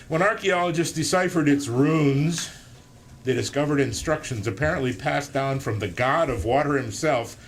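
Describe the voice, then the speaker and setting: Before a live audience in an indoor room, a man reads aloud from his own book, breaking off now and then for self-deprecating jokes. His voice sits at medium pitch, with a little hiss or hum on the recording.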